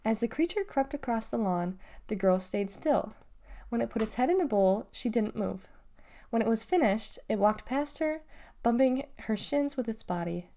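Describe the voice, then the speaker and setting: Woman narrator, children's book read-aloud, measured, warm lighter voice. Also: a little high, animated. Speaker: storybook reader. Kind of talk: reading a children's novel aloud.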